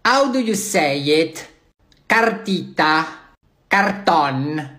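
A woman's voice: low-pitched, animated, very slow, a bit bright. A woman, playing a teacher character in a comedy sketch with exaggerated, theatrical exclamations. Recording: echoey room.

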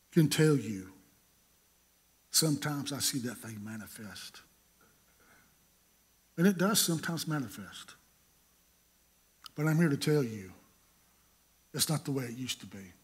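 A middle-aged man, preaching a sermon in a folksy storytelling way, acting out scenes with sudden loud bursts. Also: mid-range voice, husky. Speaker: pastor.

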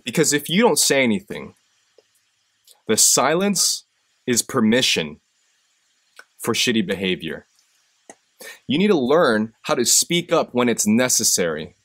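A man's voice: medium pitch, big pitch swings, measured pace, long pauses, fairly bright tone. A man hosting a live stream, telling stories and giving a profane, impassioned motivational speech that rises in intensity when he gets fired up. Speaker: host.

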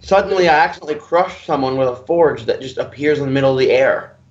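A man's voice: mid-range voice, quick pace. A man playing a tabletop game, cracking jokes and swearing in casual chat. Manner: joking, swearing. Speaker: player. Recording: slightly dull with faint noise.

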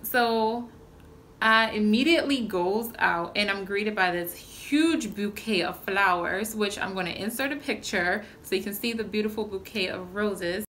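A young adult woman talking casually to her channel, telling a story in a chatty, excitable way. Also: medium pitch, measured pace, a little hiss or hum. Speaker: vlogger. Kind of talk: casual chat.

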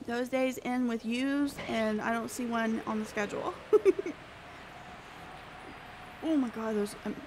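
A woman's voice: on the high side, steady tone, normal speed, hardly any pauses, slight background noise. A woman live-streaming a game, chatting playfully with her viewers. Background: background music.

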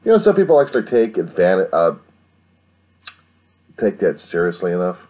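Late at night, a fifty-something American man rambles to a camera he set up at home, musing and grumbling in a lowered voice to avoid waking the neighbors. The voice sits low with a darkish tone and is very animated, at normal speed, and the sound is lo-fi.

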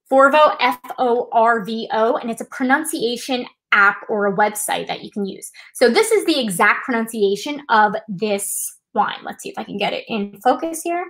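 A woman's voice: on the high side, fairly bright tone, poor audio. A woman hosting a live trivia night, chatting casually and explaining things step by step with a self-deprecating touch. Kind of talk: casual live-stream demonstration.

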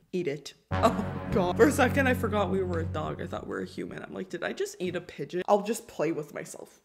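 A young adult woman giving casual, chatty commentary to her viewers as she plays a mobile game, reading its text aloud between quick, giggly asides. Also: medium pitch. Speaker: YouTuber playing a mobile life-sim game.

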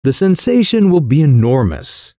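A man's voice: fairly high pitch, normal speed, no room sound, studio quality, voice pushed up. A man doing a sly, coolly careless young schemer. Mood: cool, mock-grave. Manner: calm, careless, mock-serious. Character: sly young man, cool mischief-maker posing as secretary.

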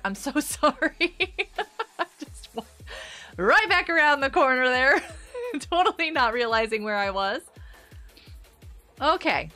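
A woman's voice: sits high, sharp tone. A woman streaming a game live, chatting to viewers by name, giggling and panicking as she plays. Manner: bubbly, giggly, often panicked; talks to chat viewers by name.

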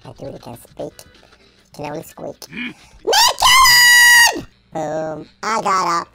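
A man voicing an excitable male cartoon chipmunk who plays a game and yells at it, with a sped-up high-pitched voice. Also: normal speed, creaky. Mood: playful. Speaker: gameplay commentator. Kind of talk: let's-play commentary in character. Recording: game music underneath.

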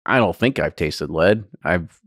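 A man's voice: low voice, expressive, unhurried, a bit bright, no room sound, studio quality. A man hosting a podcast in casual chat, easygoing, steering and wrapping up the talk. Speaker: podcast host.

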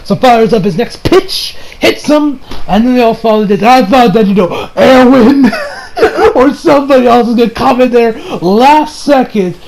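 A man giving a casual anime episode review, excitable and swearing, recapping scenes with mock quotes. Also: very high voice, moderate pace, low-quality recording.

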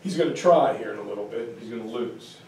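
A man teaching a history class in a lively, joking way, acting out quotes as he goes. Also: fairly low pitch, quick pace. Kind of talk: classroom lecture. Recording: echoey room from far off.

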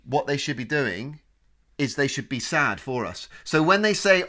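A man's voice: on the high side, normal speed. Chatty British man, laughing and swearing. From United Kingdom. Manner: animated, swearing, laughing, jokey asides. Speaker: podcast co-host. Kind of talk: casual comedy podcast chat.

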